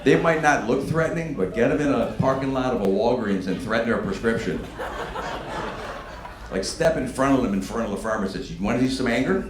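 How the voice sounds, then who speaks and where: A man doing a stand-up comedy set in a brash, profane way, with animated bursts. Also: medium pitch, fairly quick. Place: comedy stage before a live audience. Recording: echoey room with loud background noise.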